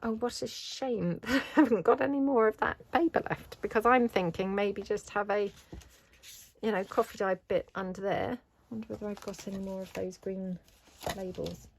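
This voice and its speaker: A woman's voice: medium pitch, steady tone, moderate pace, gravelly, a little hiss or hum. A middle-aged British woman chatting casually while she crafts, rambling and self-deprecating. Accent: British English. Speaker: craft vlogger.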